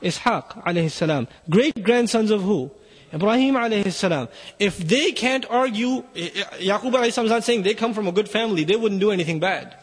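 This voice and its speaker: High-voiced man preaching urgently in a hall. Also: animated, fairly quick, slightly rough. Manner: earnest, urgent, emphatic. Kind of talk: sermon.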